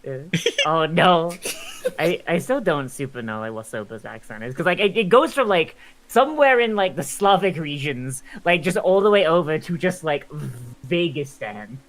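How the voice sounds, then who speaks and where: A woman's voice: low-pitched, expressive, moderate pace. Woman, tabletop player, giggly, rambling, playful chat. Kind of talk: casual game chat with in-character bits.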